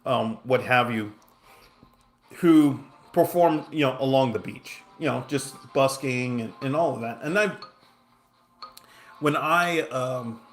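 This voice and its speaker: A man's voice: medium pitch, slow, long pauses, faint music behind. A man telling a long personal story in a casual, rambling way while he plays a game, with lots of restarts, asides and self-mocking jokes. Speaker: gaming streamer.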